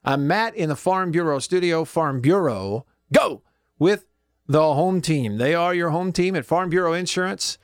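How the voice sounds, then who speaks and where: Folksy radio host, dry studio sound. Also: male voice, fairly high pitch, expressive, moderate pace, no room sound. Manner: folksy and chatty, thinks aloud while clicking around. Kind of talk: casual talk radio chat. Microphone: studio microphone.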